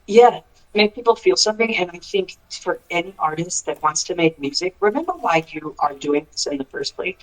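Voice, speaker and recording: A man's voice: sits high, lively intonation, normal speed, poor audio. A man from the United States, a country singer, talks earnestly as a guest in a casual interview, often restarting and filling with "um" and "you know". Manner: earnest, thoughtful, many restarts and fillers.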